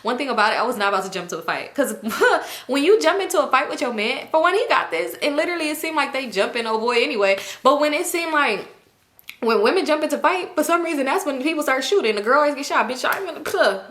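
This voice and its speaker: Animated, swearing young woman telling a story. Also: sits high, fast. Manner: animated, profane, laughing storyteller. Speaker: storytime vlogger. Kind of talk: casual storytelling. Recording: roomy echo.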